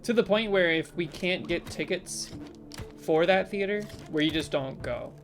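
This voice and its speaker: Low-voiced woman streamer chatting casually. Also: moderate pace, faint music behind. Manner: casual, playful, talks back to chat with sudden loud exclamations. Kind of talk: live gameplay commentary chatting with viewers.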